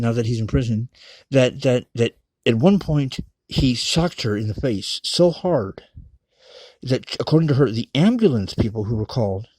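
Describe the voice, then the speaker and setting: Male storyteller, mellow voice, dry close sound, rambling and profane. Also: medium pitch, husky, dry recording. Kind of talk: casual personal storytelling.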